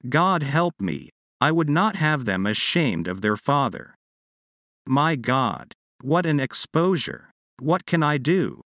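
A man playing a desperate, ashamed gentleman prisoner. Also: fairly high pitch, lively intonation, takes it slowly, no room sound, clean studio sound, heavily acted. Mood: anguished. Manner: pleading, emotional.

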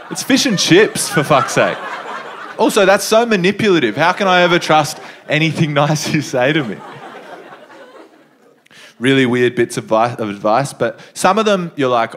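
A man's voice: mid-range voice, animated, brisk, fairly bright tone. A young man with an Australian accent doing laid-back stand-up storytelling on stage. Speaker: stand-up comedian.

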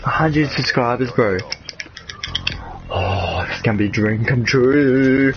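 A young man, commentating his gameplay and swearing, excitable and repeating himself. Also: mid-range voice, slow, highs cut off, background noise. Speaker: gamer.

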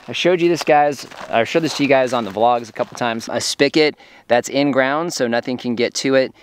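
Relaxed man vlogging outdoors on a farm. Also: medium pitch, slight background noise. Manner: relaxed, explaining as he walks, frequent fillers. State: a little out of breath. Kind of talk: casual outdoor vlog narration.

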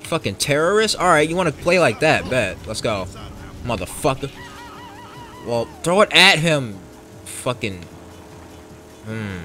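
A young man commentating his racing game run in casual talk, profane and excitable, jumping from yells to low mutters. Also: unhurried, long pauses, faint music behind. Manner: profane, excitable, swings between shouting and muttering. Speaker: gameplay commentator. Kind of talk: casual let's play commentary.

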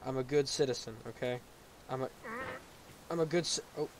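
A man playing a game on a video, commenting as he goes and yelling in frustration when he falls. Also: on the high side, normal speed, long pauses, a little hiss or hum. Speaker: gaming YouTuber.

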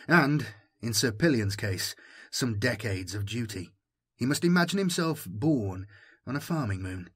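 A man narrating a science-fiction audiobook in a steady, even storytelling manner. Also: mid-range voice, husky.

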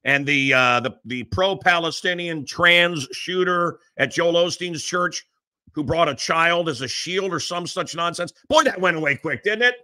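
A man hosting a live talk show from a small studio, ranting in an animated, mocking way. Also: fairly high pitch, a little slow. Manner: animated, mocking, mimics voices. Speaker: radio host. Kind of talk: ranting monologue.

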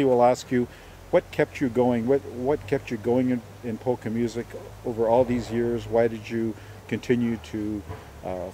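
A man's voice: mid-range voice, dark tone, slight background noise, rough recording. A man interviewing musicians, asking long, winding questions. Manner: wraps up and asks questions at length.

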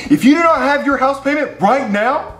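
A man voicing Mr. Goodman, a greedy, pompous male landlord in a comedy puppet sketch, talking in a smug, taunting way that swoops down into low growls. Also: moderate pace, fairly bright tone, echoey room.

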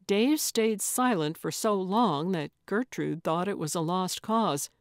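A woman narrating an audiobook in a measured, plain storytelling manner. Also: lowish voice, no room sound, clean studio sound. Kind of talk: scripted narration.

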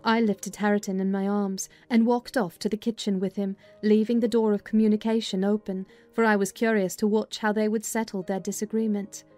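A woman narrating a dramatized audiobook of a classic novel, with a measured, expressive storytelling manner. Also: medium pitch, no echo, soft background music.

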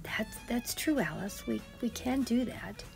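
An older woman playing a nervous grandmother, speaking in a hesitant, quiet way. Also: a little high, animated, unhurried, gravelly, music in the background. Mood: timid. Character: timid grandmother, nervous and easily scared.

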